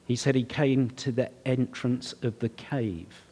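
A man's voice: mid-range voice, a little slow, mellow, breathy edge. A middle-aged man preaching, telling his own story in an earnest, conversational way. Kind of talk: sermon testimony.

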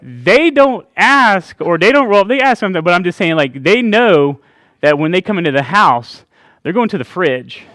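A man's voice: high voice, expressive, normal speed, a bit bright, no echo. A middle-aged man giving a conversational sermon to a church congregation, chatty, with laughing asides and frequent "right?" checks with the listeners. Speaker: pastor.

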